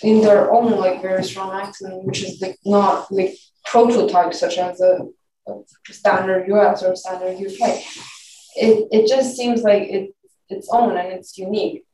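A woman who is not a native English speaker, talking haltingly and searching for words in a casual discussion. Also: mid-range voice, level tone, warm tone, slight background noise. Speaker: discussion participant. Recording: roomy, distant mic, faint ambience.

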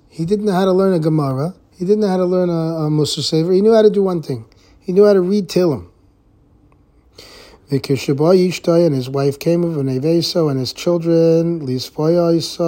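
A man teaching a Torah class, reading a text line by line and translating it into a lively, expressive story, often repeating words. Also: on the high side. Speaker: rabbi giving a Torah class.

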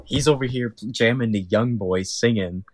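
A young man co-hosting a podcast, telling animated stories in casual chat, swearing freely and acting out what people said. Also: mid-range voice, moderate pace, over a noisy crowd. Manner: animated storyteller, swears freely, acts out quotes. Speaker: podcast co-host.

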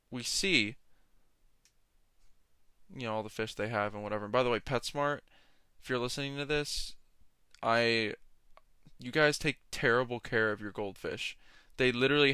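Young male podcast host, rambling jokey rants, smooth voice, dry close sound. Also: mid-range voice, steady tone, measured pace, pauses often, bright, forceful tone, dry recording. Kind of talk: casual solo podcast monologue.

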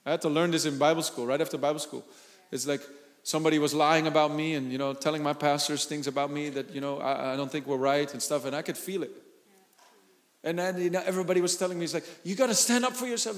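A pastor preaching a sermon, animated, laughing and shouting for emphasis. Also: male voice, a little high, fast, in a large hall.

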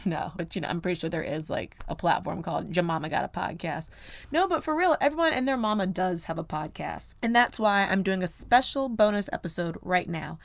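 A woman in her late twenties hosts a casual solo podcast from a small home studio, chatty and playful, poking fun at herself with quick asides. Her voice is mid-range, and there's no echo.

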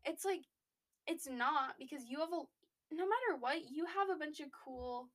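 Chatty high-voiced young woman. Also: expressive, moderate pace, a bit bright. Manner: chatty, lots of fillers and restarts. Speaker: podcast co-host. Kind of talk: casual chat.

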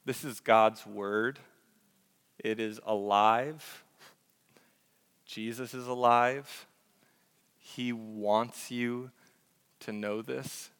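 A man's voice: mid-range voice, fairly even intonation, extremely slow, long pauses, fairly bright tone, clear, resonant tone. Young male pastor preaching in a reverberant church hall, earnest and conversational. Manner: earnest and conversational, with fillers and self-corrections. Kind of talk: sermon.

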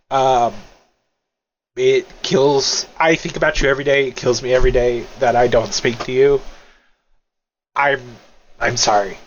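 A tipsy man crying as he speaks on a podcast, halting and emotional, stammering as he starts over. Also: medium pitch, dull audio, a little hiss or hum. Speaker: podcast guest. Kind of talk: casual podcast chat.

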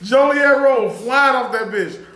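A man's voice: very high voice, measured pace, sharp tone, echoey room. A man telling profane, laughing road-rage stories in casual chat.

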